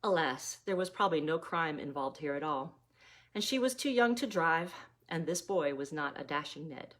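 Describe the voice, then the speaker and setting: A woman reading her own novella aloud, gently, like a mother reading a story to her children. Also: deep voice, expressive, normal speed.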